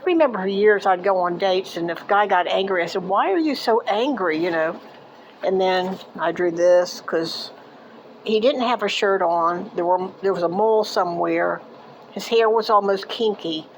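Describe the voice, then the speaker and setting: Older woman telling a memory haltingly. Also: on the low side, fairly even intonation, slight background noise, rough recording. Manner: halting, with restarts and trailing off into quieter asides. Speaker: eyewitness recounting a childhood memory. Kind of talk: casual personal storytelling.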